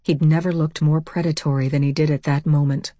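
A woman's voice: low-pitched, level tone, brisk, mellow, dry recording, studio quality. A woman reading a first-person novel aloud as audiobook narrator, with an intense delivery.

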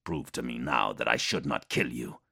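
A man's voice: rumbling low, normal speed, creaky, bright, forceful tone, husky, pitched below the performer's own voice, full character voice. A man voicing a stern, suspicious warrior-priest exorcist in an audiobook, speaking in a grave, terse way.

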